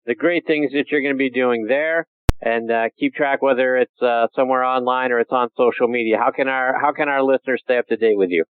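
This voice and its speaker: A man hosting a show offers short, upbeat remarks and then asks his guest a question. His voice sits at a middle pitch. It sounds dry, with no trace of room, and is squeezed into a narrow, phone-like band. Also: steady tone, fairly quick, clear, resonant tone, no room sound. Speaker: radio host. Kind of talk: interview questions.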